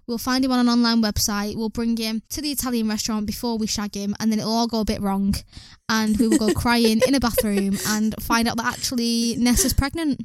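A woman's voice: a little high, steady tone, a little fast, hardly any pauses, clean tone, dry recording. Giggly, sweary young British woman. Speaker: podcast co-host. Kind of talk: casual chat.

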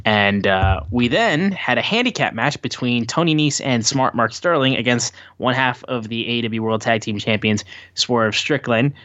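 A man's voice: normal speed, hardly any pauses, pushed and bright, no room sound. Rambling man recapping wrestling, dull dry mic. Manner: rambling, many fillers, acts out quotes in higher voices. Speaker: wrestling podcast co-host. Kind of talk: casual show recap chat. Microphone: his own mic acting up.

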